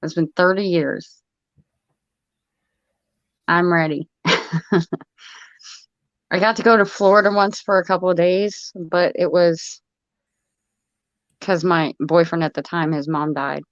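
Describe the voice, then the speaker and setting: A woman's voice: lowish voice, steady tone, takes it slowly, long pauses, no echo, lo-fi sound. A woman in her forties, co-hosting a show, telling a personal story in casual chat and laughing often.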